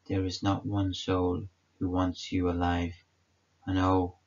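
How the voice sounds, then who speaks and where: A man's voice: deep voice, completely flat delivery, slow, a little mellow. A man giving a solemn, prayerful devotional meditation reading. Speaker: devotional reader. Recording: dull lo-fi recording.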